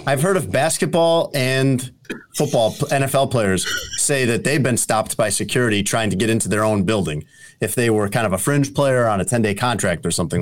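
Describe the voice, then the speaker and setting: A man hosting a casual sports talk show, dry and teasing, often pausing with hesitant uhs as he reads out stories. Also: on the low side. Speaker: show host.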